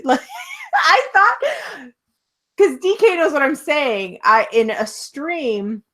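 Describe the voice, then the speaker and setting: A woman's voice: a little high, big pitch swings, slow pace, a bit bright, raised voice. A woman hosting a casual chat about a TV show, talking loosely with lots of filler words and frequent laughs. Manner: chatty, laughs often, many filler words. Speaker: host.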